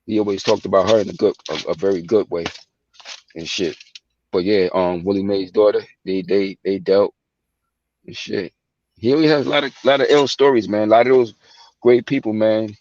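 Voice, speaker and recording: The son of the man the movie portrays chats on a livestream through his phone, telling rambling, slangy stories and acting out the quotes. He talks at a moderate pace with a fairly low, darkish voice. The audio comes through dull.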